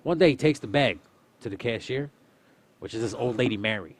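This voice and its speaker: Fast-talking man telling a rowdy story. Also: medium pitch. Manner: swearing, animated storyteller acting out dialogue. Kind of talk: casual storytelling chat.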